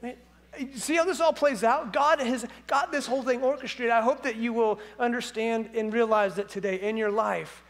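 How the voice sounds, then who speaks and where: A male pastor preaches a sermon during a church service. He retells the scripture in an animated, humorous way. His voice sits notably high for a man. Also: moderate pace.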